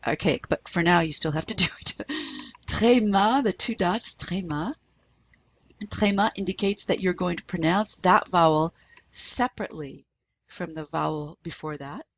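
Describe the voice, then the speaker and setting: A woman's voice: deep voice, fairly bright tone, a little hiss or hum. A woman professor giving a French language lesson, patiently spelling out letters and drilling pronunciation.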